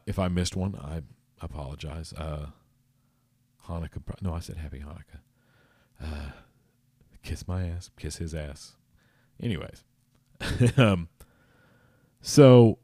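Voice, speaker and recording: A man with a very low voice rambles through a casual podcast monologue, joking and stumbling over words. The sound is dry and close, with no room around it. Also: a little mellow, no echo. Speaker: podcast host.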